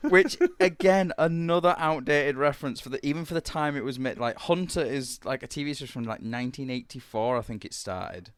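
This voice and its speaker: A man from Britain chatting as a podcast co-host, laying out his reasoning step by step. He talks quickly, at a middling pitch. The sound is dry and close with no room. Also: clear, resonant tone, no room sound. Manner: measured, explains and reasons things out. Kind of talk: casual chat.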